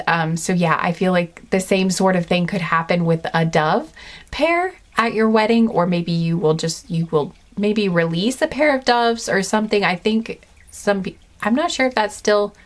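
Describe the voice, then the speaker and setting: A woman giving an intuitive pick-a-card reading, chatting gently and earnestly with lots of fillers and restarts. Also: medium pitch. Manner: rambling, many fillers and restarts. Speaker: tarot card reader.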